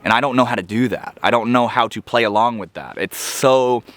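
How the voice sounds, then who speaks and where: A self-help video creator, a man, delivers a reflective motivational monologue to the camera, earnest and searching, frequently restarting phrases as he thinks. His voice sits in the mid range, brisk and slightly bright.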